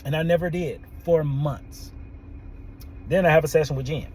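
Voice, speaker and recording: Man, therapist telling a story, animated, laughs a lot, higher voice. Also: normal speed, slight background noise, poor audio. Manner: animated, laughs often, quotes people in their own voices. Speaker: therapist, podcast host. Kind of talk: storytelling monologue.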